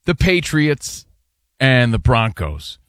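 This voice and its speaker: A man's voice: mid-range voice, big pitch swings, slow, a bit bright, no room sound, studio quality. A man hosting a sports talk show, leading the segment and reading listener comments in casual chat.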